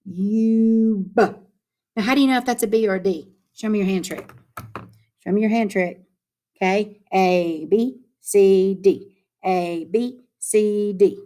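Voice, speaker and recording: A woman teaching young children their phonics, in a sing-song, encouraging classroom voice. She stretches out words and sounds slowly so small kids can follow along, and her pitch sits in an everyday middle range. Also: darkish tone.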